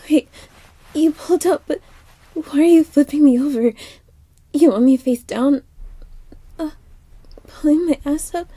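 A young woman performing an intimate adult audio role-play, breathy and pleading, often sinking into a whisper close to the microphone. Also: high-pitched, measured pace, pauses often, mellow, slight background noise.

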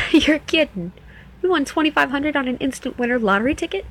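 A woman's voice: high-pitched, animated, moderate pace, fairly bright tone, a little hiss or hum, rough recording. A woman playing a teasing New Jersey club dancer. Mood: flirty teasing. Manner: playful, teasing, coaxing. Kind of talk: first-person audio role-play.

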